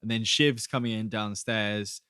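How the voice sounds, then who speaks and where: A man's voice: lowish voice, steady tone, a little slow, pushed and bright, clear, resonant tone, no room sound, clean studio sound. A man co-hosting a podcast, recapping a TV episode in rambling casual chat and acting out the characters' lines. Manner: rambling, acts out quotes with laughs. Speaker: podcast co-host.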